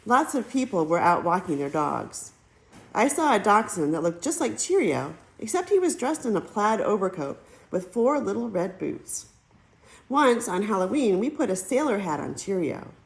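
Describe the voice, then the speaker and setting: A woman narrating a children's novel as an audiobook, telling the story in a lively way. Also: mid-range voice, moderate pace, creaky, poor audio. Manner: lively storytelling, switches into character voices. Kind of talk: reading a children's novel aloud.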